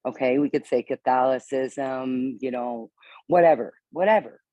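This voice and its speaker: Woman, participant: mellow voice, halting rambling talk with swearing and laughs, dry video-call sound. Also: extremely low pitch, no room sound, muffled recording. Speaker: meeting participant. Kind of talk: casual sharing, rambling.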